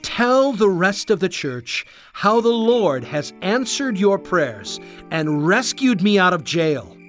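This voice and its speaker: A storyteller voicing a calm, steady grown man recounting his escape in a children's Bible story. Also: medium pitch, slow, soft background music. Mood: earnest.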